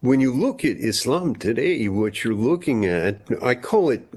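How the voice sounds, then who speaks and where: A man's voice: mid-range voice, sing-song, unhurried, darkish tone, husky. A man talking as a historian guest, explaining at length and often repeating words as he thinks. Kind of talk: conversational interview explanation.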